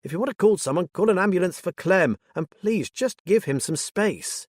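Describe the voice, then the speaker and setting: A man's voice: medium pitch, big pitch swings, normal speed, husky, no echo, voice pushed up. Casting: man playing a level-headed ex-cop woman, commanding then soothing, dry close sound. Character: calm, firm middle-aged woman, ex-police.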